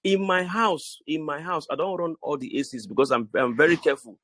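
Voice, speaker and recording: Husky Nigerian man giving a preachy pep talk. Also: fairly high pitch, fairly quick, a bit bright. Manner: preachy and repetitive, stammers and restarts. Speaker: business group leader. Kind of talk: motivational talk.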